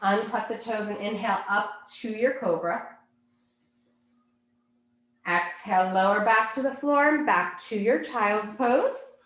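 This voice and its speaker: A woman teaching a yoga class, giving calm, unhurried cues for poses and breathing. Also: mid-range voice, echoey room. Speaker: yoga instructor. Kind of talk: guided yoga class instruction.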